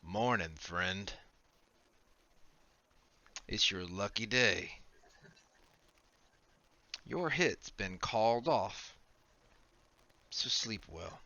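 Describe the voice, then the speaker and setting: A man voicing a sly mystery figure who speaks into a character's mind, low, slow and silky. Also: animated, sharp tone, dry recording, lo-fi sound, heavily acted.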